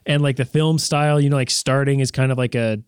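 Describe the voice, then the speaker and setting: A man's voice: mid-range voice, steady tone, fast talker, smooth, no room sound, clean studio sound. A man in casual chat, rambling and joking with many fillers and restarts.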